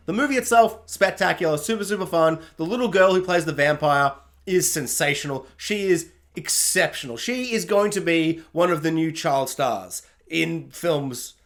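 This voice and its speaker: Man, high-pitched voice, film review rant, animated, exasperated, self-mocking, laughs at himself. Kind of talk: ranting solo video review.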